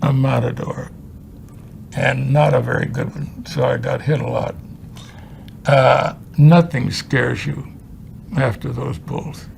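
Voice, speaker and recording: Gravelly older man telling anecdotes. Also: mid-range voice, steady tone, takes it slowly, long pauses, darkish tone, slight background noise. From Chicago, USA. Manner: salty, humorous raconteur. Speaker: interviewee, film director. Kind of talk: anecdotal storytelling.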